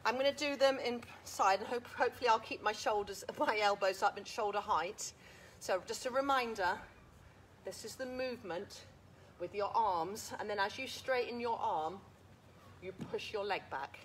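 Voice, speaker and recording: A woman's voice: medium pitch, moderate pace, slight background noise. A woman leading a live workout class, counting reps, cueing moves and encouraging everyone while a bit out of breath. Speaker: fitness instructor. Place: outdoors.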